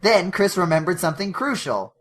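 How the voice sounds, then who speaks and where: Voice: medium pitch, very animated, a little fast, fairly bright tone. A podcast co-host reading fanfiction aloud, breaking into laughs and correcting stumbles along the way. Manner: reads with frequent laughs and self-corrections.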